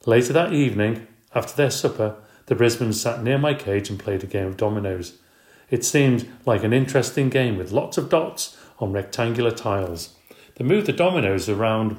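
A man reading a children's book aloud in a steady, expressive way. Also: medium pitch, normal speed. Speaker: storyteller. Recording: roomy echo.

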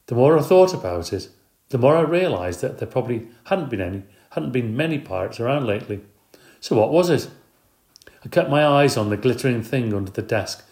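A man reading a children's book aloud as scripted narration, gentle and expressive. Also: on the low side. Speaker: audiobook reader. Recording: roomy echo.

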